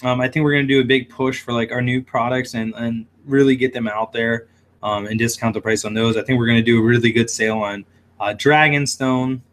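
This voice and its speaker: Man, casual livestream host, rambling, many ums and uhs, mid-pitched voice. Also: steady tone, brisk, a bit bright. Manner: rambling, reads viewer comments aloud, many fillers. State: hiccuping. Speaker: shrimp shop owner hosting a livestream.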